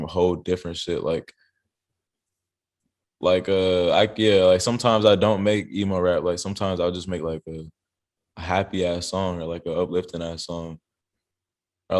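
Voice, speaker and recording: Young male rapper, very low voice, laid-back slangy storyteller, from South Carolina. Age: young adult. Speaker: rapper, interview guest. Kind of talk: casual interview chat. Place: interview studio.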